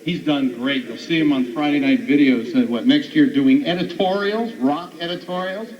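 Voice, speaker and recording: A man's voice: on the high side, normal speed. A man hosting a comedy show, introducing comedians with enthusiastic emcee patter. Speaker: show host. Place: outdoor stage. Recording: muffled live recording with background noise.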